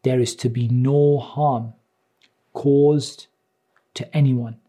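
A man giving a religious lecture. He reads lines of Arabic, then translates and explains them in English at a measured pace, repeating phrases as he goes. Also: medium pitch, steady tone, warm tone. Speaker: Islamic teacher.

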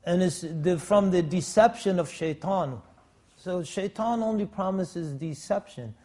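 A male preacher giving a sermon in an emphatic, driving delivery. His voice is mellow and warm, pitched a little high for a man, and he often restarts sentences and slips in Arabic religious phrases. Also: measured pace.

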